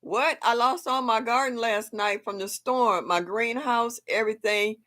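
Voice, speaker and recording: A woman's voice: on the high side, normal speed, a bit bright. A woman hosting a casual gardening livestream from home, chatting expressively and reacting aloud to viewer comments. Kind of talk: casual live chat with viewers. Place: home in Ohio.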